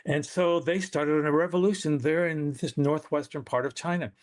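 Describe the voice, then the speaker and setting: A man's voice: a little high, fairly even intonation, moderate pace. A man, a guest author, telling a family story in a podcast interview, acting out the quoted voices.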